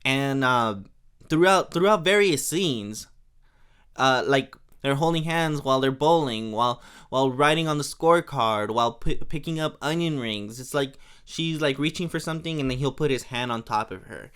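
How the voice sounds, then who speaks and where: A young podcast host recaps an episode in a casual, rambling, chatty way with plenty of fillers. His mid-range voice is a bit bright, moving at normal speed, and the sound is clean.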